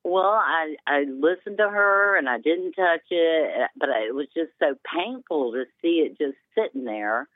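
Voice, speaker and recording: A woman's voice: low voice, expressive, unhurried, hardly any pauses, dry recording. A woman calling in to a radio show, talking in a rambling, hesitant, emotional way. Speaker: caller. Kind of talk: phone-in call. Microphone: telephone. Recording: tinny phone line.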